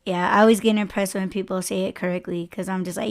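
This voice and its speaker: A young woman hosting a podcast in casual chat, telling animated stories and acting out what other people said. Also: medium pitch, fast, hardly any pauses. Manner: animated storytelling, frequent laughter, acts out others' lines. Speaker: podcast host.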